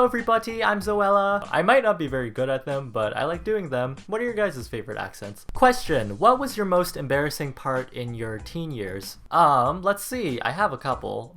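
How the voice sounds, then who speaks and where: Young canadian dude vlogging, voice jumps all over, jokey and playful. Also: male voice, mid-range voice. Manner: animated, playful, punning. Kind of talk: casual chat answering viewer questions.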